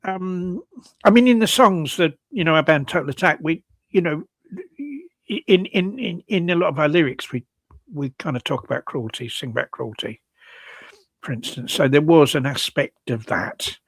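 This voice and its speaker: A man in his seventies, a guest chatting casually on a video call, halting and repeating words, laughing easily. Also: a little high, expressive, fairly bright tone, no echo. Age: 70s. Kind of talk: casual chat on a live video show.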